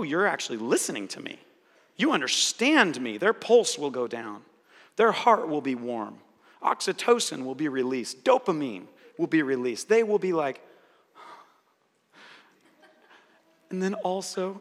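A man preaches in an animated way, acting out the voices he quotes. His voice sits high and sounds bright and forceful. It rings with the long reverb of a large hall. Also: measured pace. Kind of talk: sermon-style teaching.

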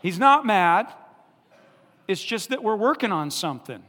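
A male pastor preaching an animated sermon, laughing often and acting out the people in the story. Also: sits high, a little slow, long reverb tail.

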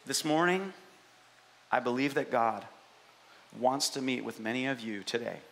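A man pastor preaching a sermon in an animated, conversational way, often asking the congregation questions. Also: mid-range voice, a little hiss or hum.

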